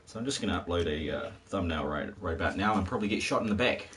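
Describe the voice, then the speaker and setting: Fast and with lively intonation, a man's deep, slightly bright voice comes through a distant mic, a bit off-mic with faint hiss. He streams a game while giving casual, rambling, wry live-stream commentary.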